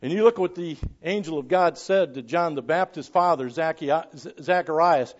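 Reading ancient scripture during his sermon, this high-voiced pastor speaks at a normal speed. He alternates bold, ringing proclamations with softer asides and the occasional chuckle, all captured on a dull, lo-fi recording.

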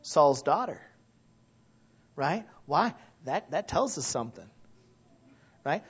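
Brief: male pastor, high voice, animated, laughs often, sermon on a dull lo-fi recording. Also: slow pace, pauses often, husky.

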